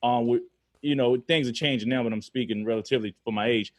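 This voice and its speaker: A man co-hosting a podcast, talking casually in an earnest, halting way as he searches for his words. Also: mid-range voice, fairly even intonation, no echo. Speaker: podcast co-host.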